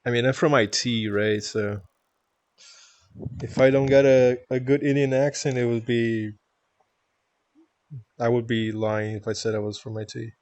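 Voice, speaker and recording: A man streaming, chatting with viewers in a calm, easygoing, chill way from a home setup. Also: medium pitch, unhurried, pauses often, no echo, lo-fi sound. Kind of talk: casual chat with viewers.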